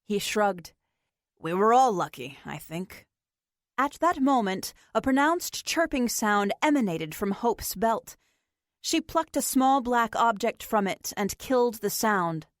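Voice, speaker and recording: A woman's voice: a little high, lively intonation, unhurried, dry recording. Woman narrating an audiobook, dry sound. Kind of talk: scripted narration.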